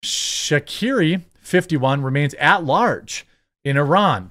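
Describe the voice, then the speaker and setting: A man's voice: mid-range voice, expressive, normal speed, fairly bright tone. A man hosting his own channel, giving sarcastic, rambling political commentary. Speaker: host.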